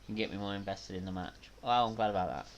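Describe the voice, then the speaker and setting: A man from Manchester with a Mancunian accent, hosting a live watch-along stream, reacting with loud gasps and chatting casually with viewers. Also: fairly low pitch, fast, lo-fi sound. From Manchester, England. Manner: excitable, bursts into loud gasps during big moves, casual with chat.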